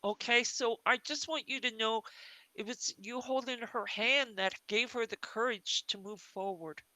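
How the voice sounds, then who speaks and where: A woman medium relaying spirit messages to an audience, talking in halting phrases with many restarts. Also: a little high, pushed and bright, no room sound. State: tearful at times.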